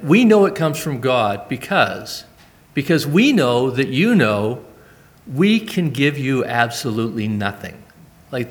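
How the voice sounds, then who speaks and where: A man's voice: mid-range voice, fairly bright tone. A man in his forties, a church member, telling a personal mission-trip testimony in earnest, rambling anecdotes with asides.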